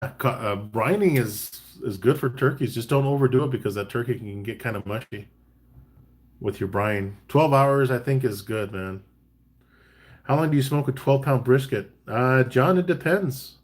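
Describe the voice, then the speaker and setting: A man hosting a casual live-stream chat. He talks in a relaxed, chatty way, reads out viewer comments and gives tips between bits of banter. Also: mid-range voice, normal speed. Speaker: barbecue caterer and live chat host.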